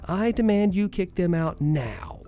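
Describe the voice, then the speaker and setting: A man's voice: sits high, wildly swooping pitch, a little slow, gravelly, darkish tone, soft background music, pitched above the performer's own voice, exaggerated voice. A man voicing a rude middle-aged woman patient who screeches and demands, scornful of everyone around her. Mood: shrill scornful.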